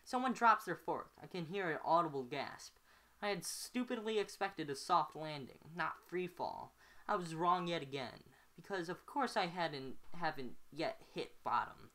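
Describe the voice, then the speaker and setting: Low-voiced woman reading a novel aloud. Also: lively intonation, measured pace, a bit bright. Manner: stumbles and self-corrects on words. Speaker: amateur reader.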